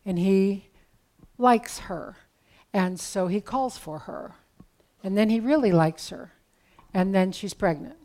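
A woman's voice: medium pitch, takes it slowly, long pauses, dark tone. A woman preaching a sermon in a conversational, storytelling way with casual asides.

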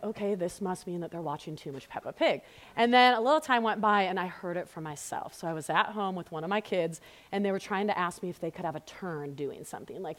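At a church women's gathering before a live audience, a woman in her thirties teaches a women's Bible study at medium pitch. Warm and earnest, she tells family stories, then softens into a hushed prayer.

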